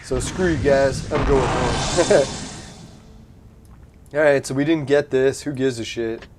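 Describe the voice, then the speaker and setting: A man hosts a gaming channel, casually chatting over his gameplay in let's-play style, laughing a lot and swearing freely. He speaks slowly at medium pitch, with music playing in the background.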